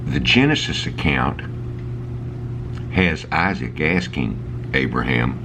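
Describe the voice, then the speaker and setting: Low-voiced folksy man over loud hum. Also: expressive, slow. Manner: folksy and chatty, chuckles between points. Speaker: Bible teacher. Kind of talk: casual Bible study talk. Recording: loud air-conditioning hum behind voice. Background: air conditioning noise.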